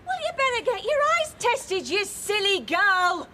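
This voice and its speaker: A fed-up, indignant mother from a soap, scolding a neighbour on her doorstep. Her voice is very high, lively, and bright. Faint street noise sits behind her. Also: unhurried, full character voice. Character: weary mother defending herself at her door. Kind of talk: television soap drama.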